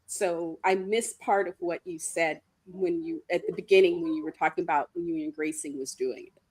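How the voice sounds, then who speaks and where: A woman's voice: lowish voice, steady tone, normal speed, darkish tone, dry recording. A woman in her sixties co-hosting a podcast, chatty and self-mocking in casual talk. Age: 60s. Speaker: podcast co-host. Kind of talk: casual chat.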